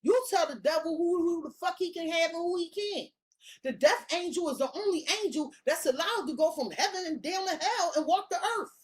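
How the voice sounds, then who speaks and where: A woman's voice: very high voice, a little fast. A woman giving a casual tarot reading, talking bluntly with heavy slang and swearing. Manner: blunt, profane, slangy and emphatic. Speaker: tarot reader.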